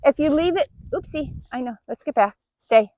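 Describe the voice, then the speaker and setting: Woman, dog trainer, patient instructional tone, fairly high pitch, dry close sound. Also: animated, moderate pace, warm tone, dry recording. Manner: patient, explains step by step while giving dog cues. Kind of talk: instructional demonstration.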